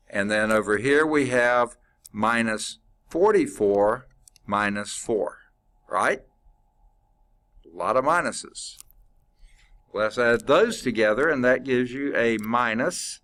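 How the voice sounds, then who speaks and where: A man's voice: mid-range voice, a bit bright. A male math instructor lecturing a class, working problems aloud, quizzing students and chatting informally with asides.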